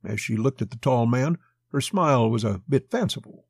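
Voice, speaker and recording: A man reads an old pulp crime story in a steady, gravelly, husky voice. The sound is close and dry, with no room around it. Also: medium pitch, normal speed, no room sound. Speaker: narrator.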